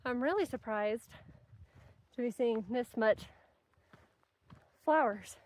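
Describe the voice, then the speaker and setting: A woman's voice: fairly high pitch, drawn-out words, long pauses, a little mellow. A young woman narrating her hiking vlog outdoors on a mountain trail, chatting upbeat to viewers and her dog. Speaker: vlogger.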